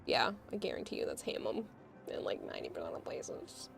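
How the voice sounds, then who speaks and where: A woman's voice: a bass voice, huge pitch swings, brisk, vocal fry, faint music behind. A woman, chatting casually on a livestream and explaining with amused laughs.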